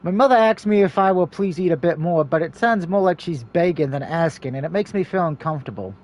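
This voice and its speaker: A man with a high, light voice reads a story game aloud for his viewers. He keeps a steady reading pace, then slips into quick, jokey asides of his own before going back to the text.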